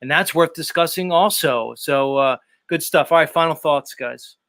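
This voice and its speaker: A man's voice: a little high, normal speed, fairly bright tone, no room sound. A man hosting a live panel stream, talking loosely and casually, swearing freely and wandering into long asides.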